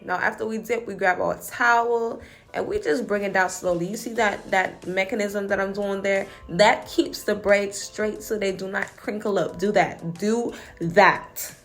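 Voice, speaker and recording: A woman's voice: mid-range voice, normal speed, soft background music. A woman hair braider from the Virgin Islands, talking viewers through a braiding tutorial in a sassy, playful, chatty way. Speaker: hair braider and channel host.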